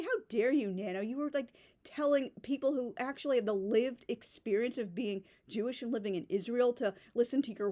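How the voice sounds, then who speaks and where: A woman's voice: mid-range voice, dark tone. A woman blogger giving casual spoken commentary, rambling and sarcastic, with many "like" fillers. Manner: rambling and sarcastic, heavy use of "like". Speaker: blogger reflecting on a writing community.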